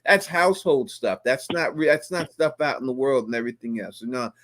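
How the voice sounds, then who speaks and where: A man co-hosting a live stream in casual chat, animated and slangy, laughing often. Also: mid-range voice, fairly quick.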